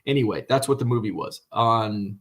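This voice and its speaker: A man's voice: on the low side, normal speed. A middle-aged American man hosting a live stream, chatting casually and rambling with lots of fillers and restarts, now and then swearing. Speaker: host. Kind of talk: casual livestream chat.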